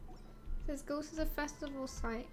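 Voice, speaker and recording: A woman's voice: high voice, fairly even intonation, measured pace, over music. A woman streamer chatting casually with wry asides and laughs while she plays a video game. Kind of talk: casual live-stream commentary while gaming.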